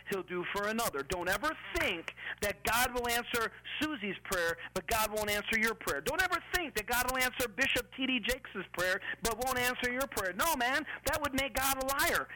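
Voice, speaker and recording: A man preaching a radio sermon, fervent and emphatic, rising to loud peaks as he drives each point home. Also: high voice, slight background noise, poor audio. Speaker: pastor.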